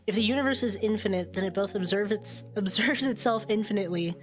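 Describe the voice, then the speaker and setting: A woman's voice: mid-range voice, fast, music in the background. A woman streaming a narrative game, reading its text aloud and reacting with chatty commentary, laughing often and swearing casually.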